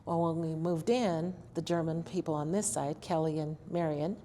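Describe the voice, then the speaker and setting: A woman's voice: sits low, normal speed, slight background noise. A woman in her sixties telling family stories in an oral history interview, acting out what people said. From Colorado, USA. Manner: animated storyteller, acts out quotes.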